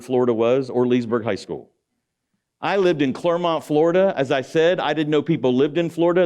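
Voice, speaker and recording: Speaking as a guest in an auditorium, this middle-aged man gives a preachy motivational talk and calls out to the crowd with rhetorical questions. His voice runs a little high with a darkish tone.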